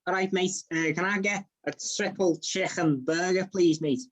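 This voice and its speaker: A man voicing a cheeky Scouse man ordering fast food, chummy and cocky, calling everyone mate. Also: sits high, fairly even intonation. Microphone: video call.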